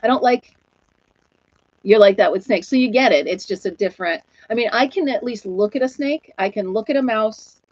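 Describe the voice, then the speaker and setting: Woman host, 40s, warm casual chatter with viewers, laughs often; flat dull dry sound. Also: on the high side, moderate pace, dry recording. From New York State. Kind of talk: casual chat.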